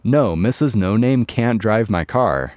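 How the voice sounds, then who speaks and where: A man's voice: on the low side, expressive, measured pace, a little mellow, dry recording, clean studio sound. A man reading the lines of a twenty-two-year-old woman standing firm against her mother, in an exasperated way.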